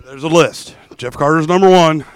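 A man's voice: fairly high pitch, moderate pace, clean tone. A tipsy man co-hosting a hockey podcast, cracking crude jokes and teasing. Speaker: podcast co-host. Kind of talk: drunk casual hockey chat.

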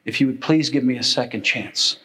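A man voicing a repentant talking parrot in a joke, hushed and pleading. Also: mid-range voice, fairly quick, close to an everyday voice, rough recording. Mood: sheepish pleading.

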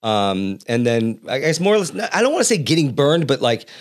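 A man's voice: medium pitch, very animated, a little fast. Rambling Boston-area man, podcast co-host. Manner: rambling, many fillers and restarts; playful storyteller. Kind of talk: casual podcast chat.

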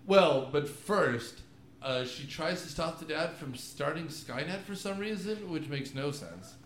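Man, podcast co-host, casual movie chat. Slightly higher voice, jokey and rambling with asides. Recorded in an echoey home room with faint noise behind. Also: lively intonation, measured pace, a bit bright. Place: home room with DVD shelf.

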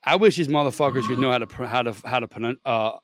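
A man's voice: medium pitch, quick pace, slight background noise. A man hosting a podcast, reading a forum post aloud in casual chat, blunt and swearing, stumbling over the text. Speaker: podcast host.

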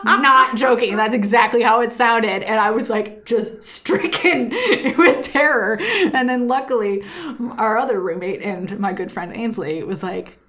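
A woman's voice: mid-range voice, a little slow. Woman in her twenties, podcast co-host, laughs through casual storytelling. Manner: giggly, animated storytelling with frequent laughs. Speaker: podcast co-host reading listener stories. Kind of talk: casual chat.

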